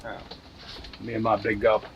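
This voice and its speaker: A man's voice: fairly low pitch, monotone, moderate pace, lo-fi sound, background noise. A man, chatting and bantering casually while gaming on a livestream. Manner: easygoing, joking banter.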